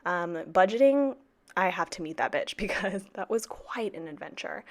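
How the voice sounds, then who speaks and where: A woman's voice: lowish voice, lively intonation, moderate pace. A woman in her twenties, a teacher, chatting casually through her planner with lots of fillers and cheerful swearing. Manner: chatty, sassy, swears freely, many fillers. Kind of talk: casual planner vlog chat.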